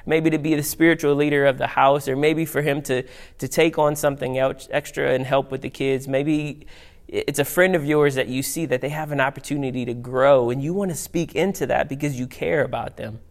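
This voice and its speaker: A man preaching a sermon in an animated, conversational way, reading scripture aloud. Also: medium pitch, fairly quick. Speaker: pastor.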